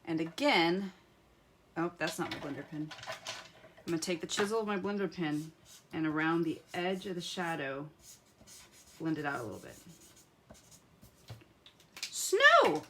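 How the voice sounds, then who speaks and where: A woman's voice: sits low, moderate pace, long pauses, background noise. A woman hosting a live craft tutorial, chatting to viewers as she colors and muttering to herself as she picks pens. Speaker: craft demonstrator.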